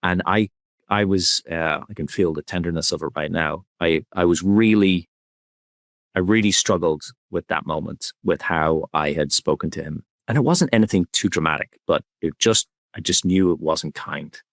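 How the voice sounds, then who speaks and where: A man with a very low, deep voice speaks as a podcast guest, soft-spoken and candidly reflective. The recording is dry and close, with no room sound. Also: normal speed, no room sound. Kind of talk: reflective conversational interview.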